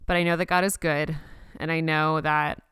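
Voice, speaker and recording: A young woman hosting a personal podcast, speaking gently and reassuringly as she leads listeners through a slow counted breathing exercise. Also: low-pitched, flat delivery, clear, resonant tone, no echo, clean studio sound. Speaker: podcast host.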